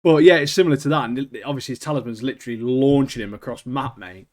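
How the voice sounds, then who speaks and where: A man's voice: mid-range voice, fast, a little mellow. A man, co-hosting a casual anime podcast, rambling and laughing as he talks. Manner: rambling, laughs often, lots of "like" and "mate". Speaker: podcast co-host.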